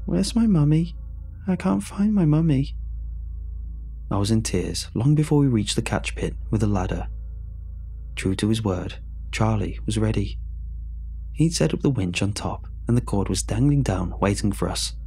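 A man with a lowish voice narrates a scripted horror story. He reads in a measured, somber way. A faint hum sits under his voice. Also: a little mellow.

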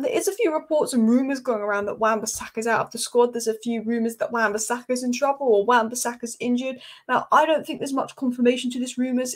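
A woman hosting a football channel, giving emphatic casual commentary and repeating her points. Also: on the high side.

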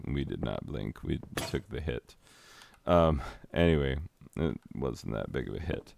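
A man in his thirties rambles through a gaming commentary at an unhurried pace, his voice sitting very low. His tone is smooth and clear, and he keeps cracking self-deprecating jokes. The sound is dry and close to the microphone. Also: a little mellow, dry recording. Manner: self-deprecating, rambling, breaks into sung asides. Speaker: teacher and gaming vlogger. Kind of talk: rambling casual commentary over gameplay.

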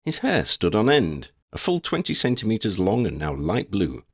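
Low-voiced guy reading a fantasy story, lots of lift and fall, dry close mic. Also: wildly swooping pitch, normal speed, slightly rough, dry recording. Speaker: audiobook narrator. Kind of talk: storybook narration.

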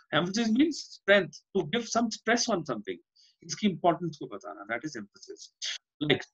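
A man's voice: fairly high pitch, husky. Man, Indian English accent, teacher, online class, dull lo-fi audio, keeps checking with "Fine?". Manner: explains by repetition, often asks "Fine?".

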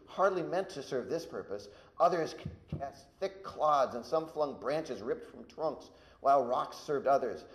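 A male university lecturer addresses an audience. He reads verse aloud with emphasis and breaks off for asides. His voice sits at a middle pitch and rings with the echo of a large room. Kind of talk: public farewell lecture with a verse reading. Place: lecture hall. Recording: echoey hall.

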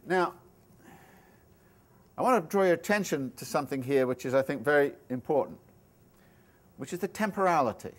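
A man's voice: fairly high pitch, expressive, normal speed, pauses often. A male professor giving a university lecture, explaining ideas in a thoughtful, step-by-step way, with asides and restarts. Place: lecture room.

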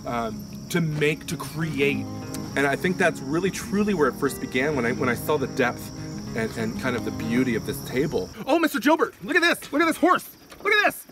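A man hosting a comedy show outdoors, talking in a rambling, halting, gushing way that turns excitable. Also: mid-range voice, far from the mic. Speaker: comedy show host in character. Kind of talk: mock-earnest outdoor comedy monologue.

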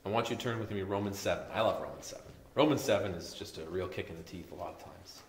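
A male pastor preaching a conversational sermon, dropping soft and low when reading scripture. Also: quick pace, gravelly, reverberant, slight background noise. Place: church sanctuary.

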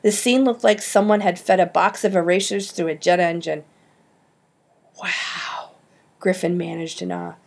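Gravelly-toned woman narrating an audiobook. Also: fairly low pitch, fairly even intonation, a little fast, few pauses, darkish tone. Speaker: audiobook reader.

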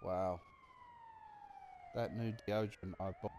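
A man's voice: low-pitched, fairly even intonation, takes it slowly, darkish tone, slight background noise. A man giving casual, crude, joking commentary over a video game, muttering as he reads things aloud. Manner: mutters while reading numbers aloud. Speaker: gaming commentator.

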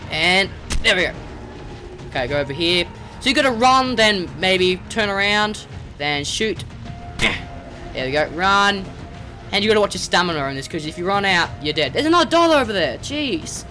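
A young man giving rambling, excitable let's play commentary and yelping at the game creatures. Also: high voice, moderate pace, soft background music. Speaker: gamer.

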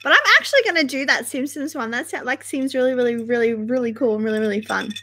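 A woman's voice: fairly high pitch, fast, sharp tone. Chatty, foul-mouthed young woman streamer. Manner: chatty, swears freely, dramatic. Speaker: livestream host. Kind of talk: casual livestream chat.

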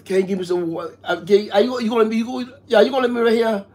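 A man with a notably high voice and a husky, breathy edge, trading jokes with a friend. He talks insistently and exasperatedly, swearing freely and pressing his point again and again. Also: fairly even intonation, racing, darkish tone. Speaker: co-host. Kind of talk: joking banter.

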